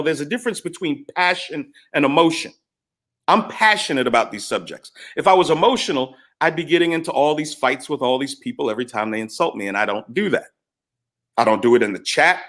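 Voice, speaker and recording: A middle-aged man telling stories in a casual chat, animated and acting out both sides of past arguments. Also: fairly high pitch. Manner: animated, retells arguments in quoted voices. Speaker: podcast guest. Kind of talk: casual storytelling.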